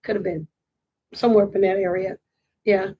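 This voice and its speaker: A middle-aged woman hosting a casual chat, telling animated stories, laughing often, and repeating and restarting her phrases. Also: medium pitch, a little fast, husky, muffled recording. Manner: animated storytelling, laughs often, acts out quotes. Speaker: host.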